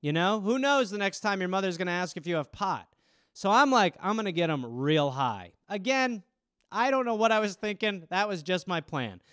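Animated, profane man telling stories. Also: sits high, normal speed, clean tone, no room sound, studio quality. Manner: profane, animated, acts out quoted voices. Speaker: podcast host. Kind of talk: casual storytelling monologue.

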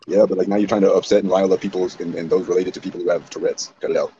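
A man's voice: deep voice, flat delivery, rapid-fire, mellow, dull audio, slight background noise. A man hosting a livestream, questioning his guest bluntly in casual chat. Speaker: livestream host.

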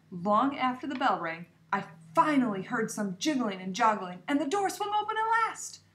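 A woman reading a children's chapter book aloud with lively, expressive storytelling. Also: fairly high pitch, echoey room. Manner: lively expressive storytelling, voicing the hamster narrator. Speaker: reader.

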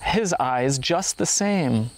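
A man narrating a traditional folktale with measured, expressive pacing. His voice sits in an ordinary middle pitch, lifting for questions and suspense. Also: slight background noise. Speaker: story reader. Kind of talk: folktale storytelling.

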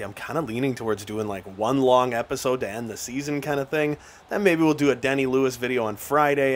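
A young man giving casual, excited commentary on his own hockey video game, calling the plays and chatting straight to his viewers. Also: medium pitch. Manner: play-by-play calling with bursts of excitement and laughs. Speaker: gaming YouTuber.

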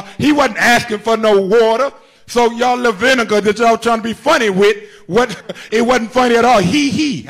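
A man preaching with a high-pitched, fervent voice. He repeats his phrases, calls out to the congregation, and sometimes lifts into a shout as he drives his sermon home. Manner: rises to shouts at times. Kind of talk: Good Friday sermon.

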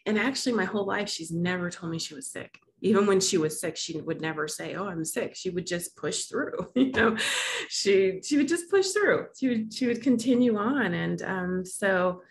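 A woman's voice: medium pitch, expressive, moderate pace, a little hiss or hum. A woman hosting a wellness vlog, telling a personal story in a rambling, emotional way with frequent laughs and restarts. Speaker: wellness challenge host.

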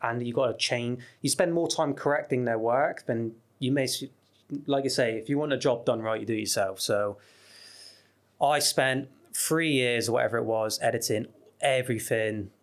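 A British man chatting as a podcast guest. He tells his stories in a loose, animated way, full of fillers and false starts, at an ordinary middle pitch. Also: normal speed. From United Kingdom. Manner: animated storytelling with lots of fillers and restarts. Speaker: guest, travel YouTuber. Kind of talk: casual podcast chat.

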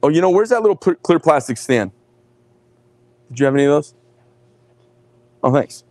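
A middle-aged man hosting a live knife sales show, telling rambling, animated stories between showing each knife. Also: on the high side, moderate pace. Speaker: host presenting knives.

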